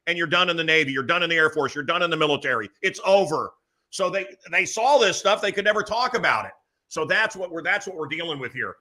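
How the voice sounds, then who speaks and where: A man hosting a talk show, speaking in animated, emphatic bursts with quieter asides. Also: a little high, fast talker. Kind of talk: excited talk show chat.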